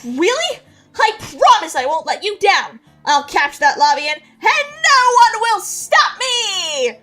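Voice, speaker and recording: A woman voicing an excitable, boastful male squid-like creature who shouts most lines. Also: high-pitched, moderate pace, soft background music, pitched above the performer's own voice. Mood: excited, loud.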